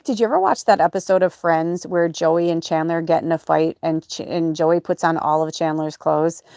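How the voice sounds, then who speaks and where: A woman's voice: fairly low pitch, darkish tone, clean tone, no room sound, clean studio sound. A woman podcast host talking in a rambling, emotional way, full of fillers and restarts, in a casual personal monologue. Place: off-grid home or van.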